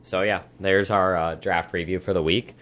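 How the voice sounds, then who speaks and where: A man's voice: low-pitched, steady tone, normal speed, a bit bright. A young man hosting a casual sports talk show from a small studio, running through the picks and sign-offs. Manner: runs the segment, lists picks and sign-offs. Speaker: host.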